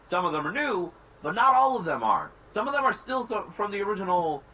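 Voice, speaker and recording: A man's voice: sits high, very animated, a little fast, sharp tone, breathy edge, low-quality recording. A man hosting a casual voice-call chat about an anime, rambling and laughing often. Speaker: podcast host. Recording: voice call with faint noise.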